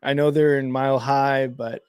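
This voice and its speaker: A man's voice: mid-range voice, flat delivery, normal speed, a little mellow, smooth, dry recording. Chatty man streaming football reactions, dry sound. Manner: rambling, filler-heavy, self-correcting. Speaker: co-host of a game watch-along stream. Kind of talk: casual live sports chat and play-by-play reactions.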